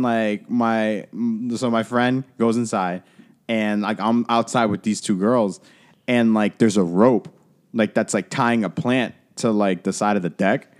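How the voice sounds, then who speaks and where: Young guy, podcast co-host, lower voice, loose casual storyteller who swears and rambles with fillers. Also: fairly even intonation, a little slow. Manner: rambling, profane, lots of fillers and "like".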